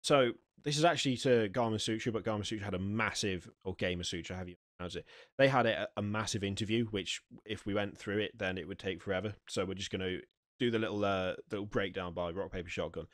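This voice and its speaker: A man's voice: on the low side, fast talker, no room sound. A man hosting a podcast, reading gaming news aloud and swearing freely between asides. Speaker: podcast host. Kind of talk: casual news chat. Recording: dry close mic.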